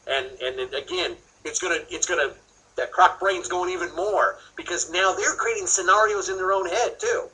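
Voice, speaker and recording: High, bright-voiced man teaching a seminar. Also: normal speed, rough recording. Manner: asks rhetorical questions and answers them. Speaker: sales trainer. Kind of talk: seminar training talk.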